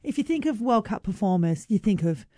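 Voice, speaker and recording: A woman's voice: medium pitch, expressive, brisk, heavy background noise. A woman co-hosting a breakfast radio show, chatty and upbeat as she brings up news items. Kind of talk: casual radio banter. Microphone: studio microphone.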